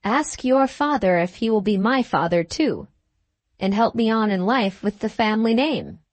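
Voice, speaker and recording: A woman's voice: mid-range voice, sing-song, moderate pace, no echo, natural voice. A woman reading as a bitter, mocking young medical student. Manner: harsh, mocking, sarcastic. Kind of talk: audiobook character reading.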